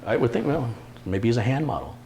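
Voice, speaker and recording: A man's voice: mid-range voice, sing-song, a little fast, darkish tone. A man hosting a live stream, chatting casually, joking and reading viewer comments aloud. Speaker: livestream host. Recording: roomy echo, faint room noise.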